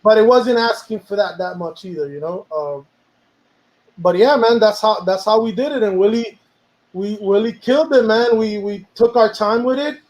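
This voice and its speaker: A man's voice: high-pitched, normal speed, a little mellow, lo-fi sound. A man, a music producer, talking casually about making a song, rambling and slipping into Spanish now and then. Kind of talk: casual chat.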